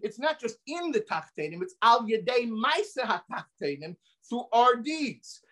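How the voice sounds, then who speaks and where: A man preaching as a rabbi with a fairly high voice. He talks with passion, repeating key phrases for emphasis and weaving in Hebrew and Yiddish terms. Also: big pitch swings, a little slow, pushed and bright. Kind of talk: sermon.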